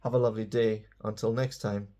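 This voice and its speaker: A man's voice: lowish voice, little pitch movement, fairly quick, warm tone. A man giving a casual, playful English lesson, chatty and self-mocking. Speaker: English teacher.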